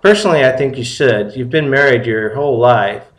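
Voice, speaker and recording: A man's voice: mid-range voice, brisk, lightly acted. A man reading a story aloud, voicing a sassy, bossy young gay man who teases and lectures his friend. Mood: bossy teasing. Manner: teasing, flamboyant, lecturing. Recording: roomy echo.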